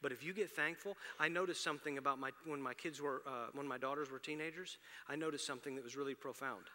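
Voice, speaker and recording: A middle-aged man preaching a sermon as pastor, conversational and shifting between loud emphatic passages and soft ones. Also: mid-range voice, fast. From Houston, Texas area. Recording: long reverb of a large hall.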